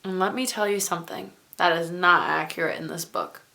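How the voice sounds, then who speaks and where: A woman's voice: on the low side, fairly quick, vocal fry, bright, forceful tone. A woman who grew up on a farm gives a casual book review for her vlog, chatty and digressive with wry asides. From rural farm upbringing.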